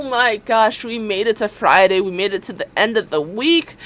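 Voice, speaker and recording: Lively-voiced young woman streamer. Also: medium pitch. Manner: playful, affirming, quick to laugh. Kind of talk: casual livestream chat.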